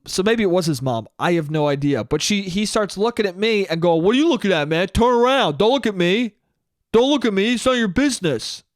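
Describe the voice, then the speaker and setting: Young male podcast host, slightly high voice, dry close sound, chatty and profane storyteller. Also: no echo. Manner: loose, profane and conversational, with frequent restarts. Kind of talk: casual solo storytelling.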